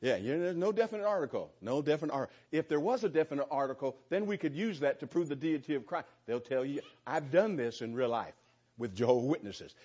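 Male pastor teaching scripture, husky tone, dull lo-fi recording; earnest, stumbling restarts. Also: mid-range voice, fairly quick, a little mellow. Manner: earnest, repeats words and restarts often. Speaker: pastor teaching a Bible study. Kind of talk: conversational Bible teaching. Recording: slightly dull lo-fi sound.

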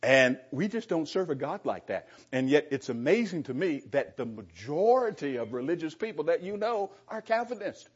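A man's voice: a little high, sing-song, normal speed, few pauses, husky, highs cut off. A man preaching informally to a Bible class, sarcastic and chuckling, speaking straight to the people in the room.

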